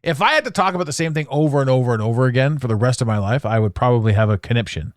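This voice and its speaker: A man hosting a solo podcast monologue, animated and theatrical, swearing now and then. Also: mid-range voice, very fast, no room sound, studio quality. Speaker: podcast host.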